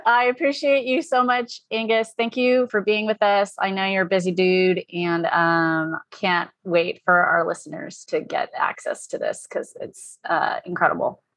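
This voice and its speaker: A woman's voice: medium pitch, fairly even intonation, measured pace, few pauses, fairly bright tone, no echo. A woman hosting a podcast, talking in an upbeat, friendly way. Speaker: podcast host. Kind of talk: casual podcast chat.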